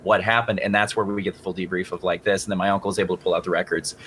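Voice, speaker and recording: A man co-hosting a casual podcast, telling a story with lots of laughter and excited jumps in his voice. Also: rapid-fire, a little hiss or hum. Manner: animated storyteller, laughs often and jumps high in pitch.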